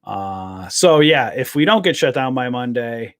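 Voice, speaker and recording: A man's voice: mid-range voice, big pitch swings, unhurried, a bit bright. A man hosting a casual live trading stream, rambling with lots of fillers and calling viewers guys. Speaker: trading show host. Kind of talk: casual livestream chat.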